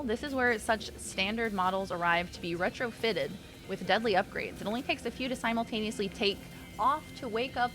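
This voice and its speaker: A woman game streamer chatting playfully with her chat as she plays, giggling often. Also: mid-range voice. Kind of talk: casual live-stream chat while playing.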